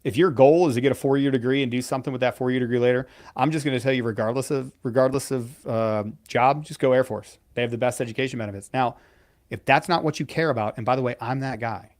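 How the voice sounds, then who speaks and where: Male veteran co-host, forties, straight-talking and profane, mid-pitched voice. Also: quick pace, a little mellow. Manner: blunt, profane, storytelling. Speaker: podcast co-host, veteran pararescueman. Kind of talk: casual live-stream advice talk.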